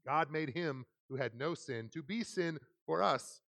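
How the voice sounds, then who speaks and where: Gravelly-voiced pastor preaching earnestly. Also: male voice, on the high side, animated, measured pace, fairly bright tone, dry recording. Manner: storytelling, self-deprecating, earnest. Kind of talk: sermon with scripture reading. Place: church sanctuary.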